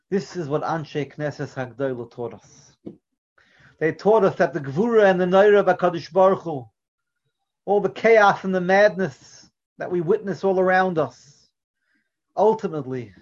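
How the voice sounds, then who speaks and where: A man giving an earnest religious lecture, often dropping to a quiet, soft delivery, and weaving in a story. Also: on the high side. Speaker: Torah teacher. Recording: dull lo-fi recording.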